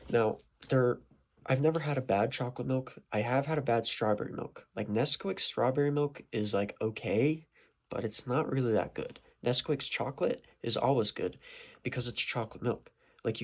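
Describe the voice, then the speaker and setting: A man's voice: medium pitch, darkish tone. A man vlogging from his desk in a casual, rambling way, full of fillers and swearing. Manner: rambling and meandering, with many fillers and profanity.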